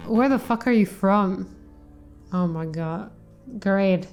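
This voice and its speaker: A woman's voice: medium pitch, slow, darkish tone, soft background music. A woman giving dry, profane let's-play commentary with frequent laughs. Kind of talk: casual gameplay commentary.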